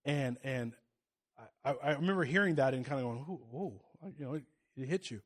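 A pastor preaching a sermon and telling a personal story, moving from loud, rising exhortation to quiet, confiding asides. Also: male voice, mid-range voice, fairly quick.

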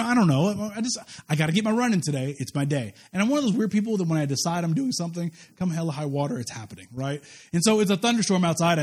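A male pastor with a notably high voice preaches in a relaxed, conversational way. He drifts from scripture into personal stories, stumbling over and repeating words, and pokes fun at himself. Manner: conversational, repeats words and restarts, self-deprecating humor. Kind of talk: sermon with personal storytelling.

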